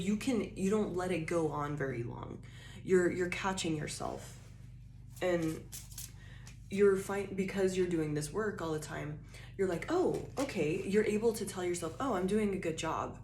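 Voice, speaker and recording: A woman's voice: fairly low pitch, measured pace, darkish tone, echoey room, a little hiss or hum. A woman giving a casual spiritual tarot reading, rambling and chatty, with lots of filler words. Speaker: tarot reader.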